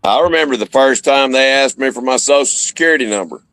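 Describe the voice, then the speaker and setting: A man's voice: mid-range voice, fast talker, fairly bright tone, no echo. A man, plain-spoken and folksy in casual talk-show chat. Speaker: co-host.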